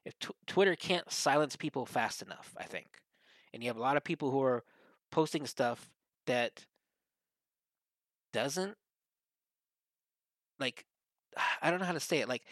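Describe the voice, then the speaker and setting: A man, co-hosting a casual podcast chat, rambling and profane, getting animated when he quotes others. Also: medium pitch, a little slow, pauses often, no echo. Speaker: podcast co-host.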